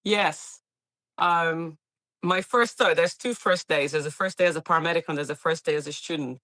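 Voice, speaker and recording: A Brazilian woman, Portuguese her first language, recalls her work in a bright, forward voice. She talks freely in a casual interview, acting out quoted lines and laughing easily. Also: low voice, moderate pace. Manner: animated storyteller, acts out quoted voices, laughs often. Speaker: paramedic guest.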